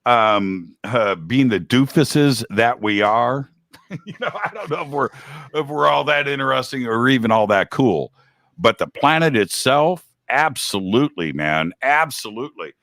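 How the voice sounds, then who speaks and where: A man's voice: mid-range voice, lively intonation, measured pace, a bit bright, dry recording, studio quality. A man talking as a guest host in a casual chat, rambling and laid-back, with a slangy manner.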